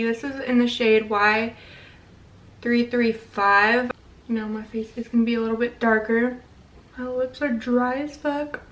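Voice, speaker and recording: A woman's voice: fairly high pitch, a bit bright, far from the mic, rough recording. A young woman, pregnant, talking casually through a makeup tutorial and a rant, blunt and profane. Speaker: beauty vlogger.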